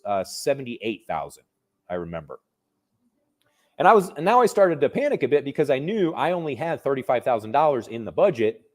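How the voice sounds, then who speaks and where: A man's voice: mid-range voice, a little mellow. Man telling a story, conversational. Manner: conversational, restarts and fillers, vivid retelling. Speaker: real estate investor. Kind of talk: casual personal storytelling.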